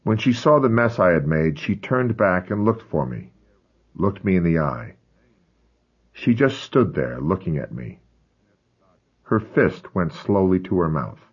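A man's voice: low voice, very animated, measured pace, pauses often, husky. A man narrating a first-person memoir with grave, intense storytelling, on a dull lo-fi recording. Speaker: audiobook narrator.

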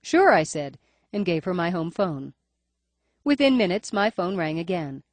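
A woman's voice: fairly low pitch, lively intonation, normal speed, no echo. A woman reading a first-person detective story aloud in a wry, matter-of-fact manner. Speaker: audiobook narrator. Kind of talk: first-person scripted narration.

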